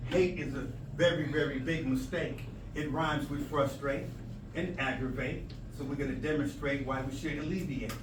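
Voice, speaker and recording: A man, a language arts teacher, giving an emphatic motivational talk to students, acting out quoted exchanges and playing with rhymes. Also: on the high side. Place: school presentation room. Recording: echoey room from far off, with noise.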